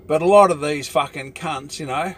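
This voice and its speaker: A man's voice: a little high, normal speed. An older Australian man talking in a rambling, profane casual monologue, filling his talk with "you know".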